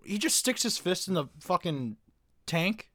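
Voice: medium pitch, big pitch swings, measured pace, bright, forceful tone, no echo, studio quality. A podcast co-host chatting casually about a movie, exasperated and laughing often. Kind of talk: casual movie review chat.

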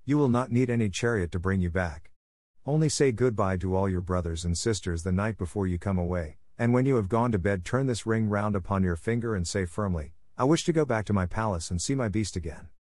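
A man voicing a sorrowful, gentle male beast in a storybook reading. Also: fairly low pitch, fairly quick, no room sound, studio quality, lightly acted. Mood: pleading. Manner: doleful, pleading.

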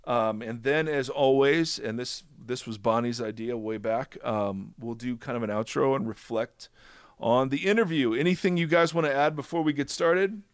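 A man's voice: medium pitch, clear, resonant tone, no room sound. Chatty male podcast host, dry sound. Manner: chatty, joking, with quick restarts. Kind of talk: casual podcast chat.

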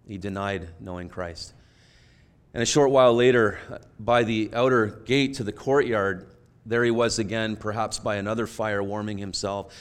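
Guy preaching a sermon, kinda low voice, earnest storytelling, goes quiet then punchy. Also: steady tone, moderate pace, clear, resonant tone. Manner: earnest, shifts between hushed and emphatic. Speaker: pastor.

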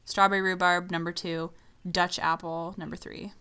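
Easygoing young woman with a lowish voice. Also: level tone, normal speed, sharp tone, smooth. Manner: easygoing, teasing, filler-heavy. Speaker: co-host chatting with her sister. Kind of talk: casual chat.

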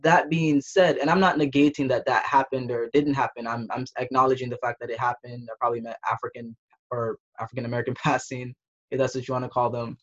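A young man from the Caribbean talking through his thoughts in a casual discussion, pausing and restarting as he goes. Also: mid-range voice, little pitch movement. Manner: reflective, thinking aloud with restarts. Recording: dull, muffled audio.

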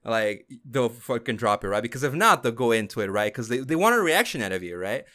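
A man's voice: mid-range voice, big pitch swings, fairly quick, fairly bright tone. A man co-hosting a gaming podcast, telling a story in casual chat with lots of fillers. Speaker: podcast co-host.

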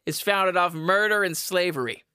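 A man's voice: high-pitched, normal speed, bright, forceful tone, clean tone, no echo. A young man hosting a podcast, talking in a casual, exasperated rant with swearing and frequent laughs. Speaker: podcast host. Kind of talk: casual ranting monologue. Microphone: headphones.

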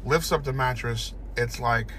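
A man's voice: mid-range voice, measured pace, fairly bright tone, slight background noise. A man in casual chat, telling a rambling story with lots of swearing, recorded in a car. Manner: storytelling with lots of swearing, acts out panicked ant voices. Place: inside a parked car.

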